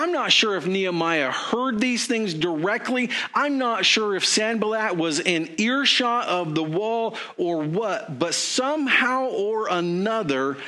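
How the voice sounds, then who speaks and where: A man's voice: high-pitched, pushed and bright. A man preaching a sermon in an earnest, conversational way, asking his congregation questions. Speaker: pastor.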